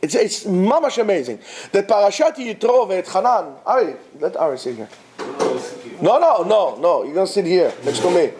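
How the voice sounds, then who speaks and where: A man's voice: high-pitched, very animated, moderate pace, noisy background. A man, a rabbi giving an informal, exhortative Torah talk to students, mixing in Hebrew terms. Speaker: rabbi teaching at a yeshiva.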